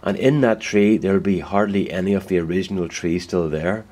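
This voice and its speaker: Low-voiced man, rambling and folksy. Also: brisk, a little mellow, husky. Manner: rambling, folksy, self-correcting. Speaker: woodturner. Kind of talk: casual workshop vlog. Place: indoor woodworking shed.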